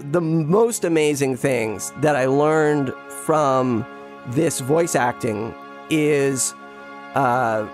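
A man chatting casually and telling an anecdote, rambling with restarts and jumping into quick impressions of other people. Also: a little high. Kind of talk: casual storytelling chat.

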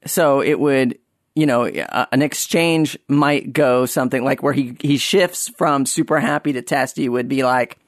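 A man's voice: mid-range voice, measured pace, dry recording, studio quality. A man hosting a casual solo monologue, rambling and sarcastic, often breaking off and restarting his sentences. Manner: rambling, sarcastic, self-interrupting. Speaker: podcast host.

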